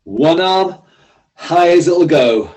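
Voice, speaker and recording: A man leads a seated workout with a friendly, encouraging manner, giving clear step-by-step cues. His voice sits a bit high for a man. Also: lively intonation, slow pace, a little mellow, rough recording. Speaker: exercise instructor. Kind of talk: leading a seated workout class.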